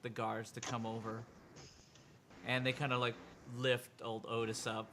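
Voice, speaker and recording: Game master with a humming background. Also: male voice, mid-range voice, flat delivery, unhurried, background noise. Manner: loose, filler-heavy narration. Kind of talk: narrating a tabletop game.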